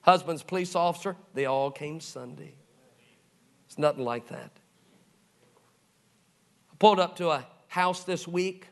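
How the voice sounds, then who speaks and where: A middle-aged male pastor preaching a sermon, telling stories and acting out the voices of the people in them, dropping soft and low for the tender moments. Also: measured pace, vocal fry, pauses often. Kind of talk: sermon storytelling.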